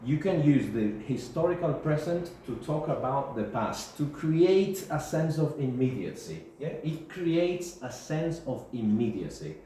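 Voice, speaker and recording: A man's voice: medium pitch, big pitch swings, unhurried, few pauses, warm tone. A male English teacher giving a classroom grammar lesson, repeating key terms and checking in with his students. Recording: very echoey room, faint background hiss.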